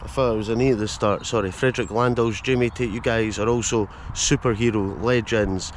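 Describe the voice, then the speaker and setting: A man's voice: fairly low pitch, steady tone, fairly quick, a little hiss or hum. A Scottish man hosting a casual walking vlog through village streets, chatting to viewers with jokey asides. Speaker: vlogger and host. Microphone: handheld camera mic.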